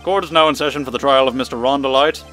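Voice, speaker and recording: A stern old judge from a courtroom game, announcing in a loud, bright, formal voice, as a man reads him. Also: mid-range voice, quick pace, soft background music, close to an everyday voice.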